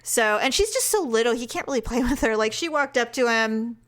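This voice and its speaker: A woman co-hosting a podcast, chatting casually and telling animated stories with frequent laughs. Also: fairly high pitch, fairly quick. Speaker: podcast co-host. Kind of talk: casual chat.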